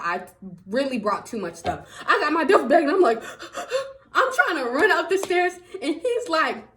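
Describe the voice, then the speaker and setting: A young woman telling a story to her viewers in a casual vlog, animated and laughing often. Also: sits high. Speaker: vlogger.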